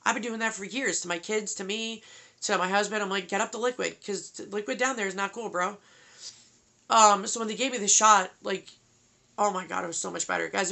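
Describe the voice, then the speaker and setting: Tired and tearful, a New York vlogger in her thirties speaks candidly and emotionally in her video diary, using the word "bro." She has a medium-pitched, creaky voice that sounds pushed and bright.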